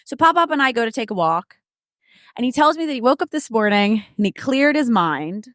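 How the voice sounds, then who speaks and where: A woman guest co-host telling a story in casual chat, animated and candid, often laughing. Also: fairly high pitch, brisk, no room sound, clean studio sound.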